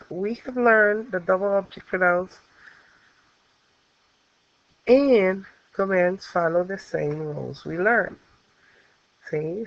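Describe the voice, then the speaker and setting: A woman's voice: fairly low pitch, dry recording. A woman teaching a Spanish grammar lesson, explaining the rules step by step with patient fillers. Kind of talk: recorded classroom lesson. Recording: dull lo-fi recording.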